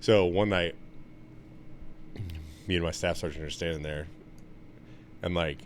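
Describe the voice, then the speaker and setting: A young man in casual podcast chat, telling stories with lots of swearing and getting loud when he's excited. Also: a little slow, a little hiss or hum. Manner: animated, swears a lot, gets loud and high when excited. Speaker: podcast co-host.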